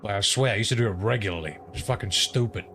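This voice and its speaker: Man, low voice, rambling profane storytelling, casual streamer chat, clear background noise. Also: fast. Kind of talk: casual chat while gaming.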